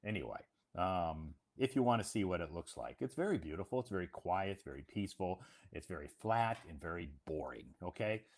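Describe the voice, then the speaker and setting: A man's voice: deep voice, animated, fairly quick, darkish tone. A man from Iowa, casually talking to English learners in a spoken lesson, repeating phrases and checking understanding with "okay?". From United States, Iowa.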